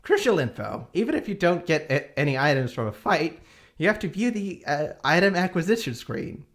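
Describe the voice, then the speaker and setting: A man's voice: a little high, very animated, fairly quick, fairly bright tone. A man streaming, reading a long game review aloud with small hesitations.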